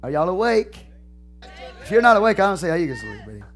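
A male pastor preaching a sermon, dropping to hushed asides and rising to shouted, repetitive call-and-response lines. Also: sits high, big pitch swings, quick pace, faint music behind. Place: church sanctuary.

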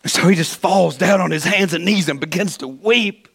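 High-voiced pastor preaching with shouts and whispers. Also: male voice, normal speed, gravelly, slightly rough. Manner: dramatic storytelling, swings from shouting to hushed whispers; stammers and repeats words. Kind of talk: sermon. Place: church.

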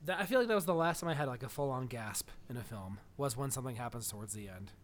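A man's voice: medium pitch, animated, fast, slight background noise. A man co-hosting a casual chat, gushing and rambling with enthusiasm. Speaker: podcast co-host.

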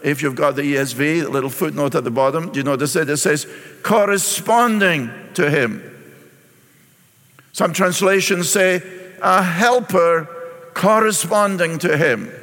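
A middle-aged pastor, preaching a sermon and reading scripture aloud before explaining it. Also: male voice, fairly high pitch, a little slow, a bit bright. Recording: long reverb in a large hall.

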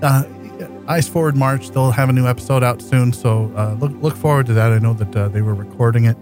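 A man's voice: medium pitch, brisk, music in the background. Stammering, mock-glum male podcast co-host. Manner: stammering, mock self-pitying. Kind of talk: casual podcast chat.

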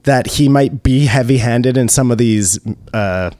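A man co-hosting a casual podcast, asking measured questions. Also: medium pitch, mellow, no room sound. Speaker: podcast co-host. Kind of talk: casual chat.

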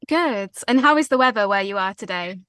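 A woman's voice: medium pitch, animated, fairly quick, sharp tone, smooth, dry recording. Cheery woman hosting a podcast, dry close sound, asks questions, laughs along. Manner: bubbly and enthusiastic, laughs along. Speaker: podcast host and interviewer. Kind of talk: friendly interview questions.

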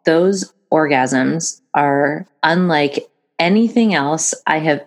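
A woman hosting a candid podcast conversation, soft and affirming, often murmuring agreement. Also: sits low, slow. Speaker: podcast host.

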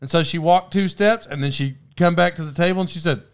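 A man with a somewhat high speaking voice hosts a podcast from a studio. He tells stories loosely, restarting sentences and breaking into laughter. The feel is relaxed, unscripted chat. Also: brisk. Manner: rambling, self-interrupting, laughs often. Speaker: podcast host. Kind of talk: casual storytelling chat.

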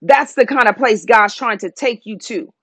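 A woman's voice: a little high, moderate pace, fairly bright tone, dry recording. A woman preaching a sermon, repeating phrases and declaring in an emphatic way.

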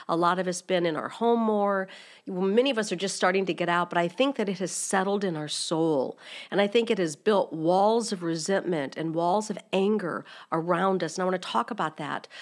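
A middle-aged woman hosting a faith-based podcast, teaching in an earnest, direct way and asking her listeners many rhetorical questions. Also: fairly low pitch. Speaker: podcast host.

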